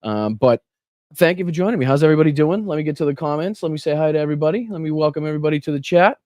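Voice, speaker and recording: A man's voice: a little high, very fast, a little mellow, no room sound. A middle-aged man with a Boston accent hosting a casual political livestream, greeting viewers by name and swearing freely. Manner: casual, swears freely, reads out chat names. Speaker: host of a political livestream show. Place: home room with air conditioner running.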